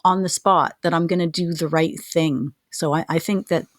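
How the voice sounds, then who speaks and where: A woman co-hosts a podcast and talks earnestly, reflecting as she goes and leaning on fillers. Her voice is on the low side for a woman. The sound is close and dry. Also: steady tone, moderate pace, no echo. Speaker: podcast co-host. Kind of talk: casual podcast chat.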